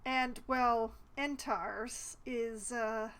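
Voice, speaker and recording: Streamer, female, high voice, dry sarcastic commentary over gameplay. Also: steady tone, very slow, a bit bright. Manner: wry, exasperated asides, reads dialogue options aloud.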